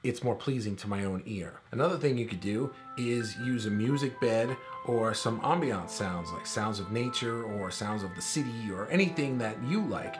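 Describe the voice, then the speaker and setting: A middle-aged man teaching a recorded course lesson in a relaxed, conversational way, with filler words. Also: lowish voice, normal speed, few pauses, over music. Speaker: course instructor.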